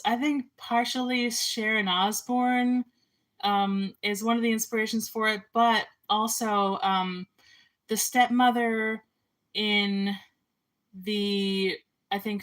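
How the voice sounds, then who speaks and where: A woman's voice: mid-range voice, a bit bright, poor audio. A young woman, an amateur filmmaker and artist, chatting casually about making her film. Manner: rambling, chatty, lots of ums and likes. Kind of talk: casual chat.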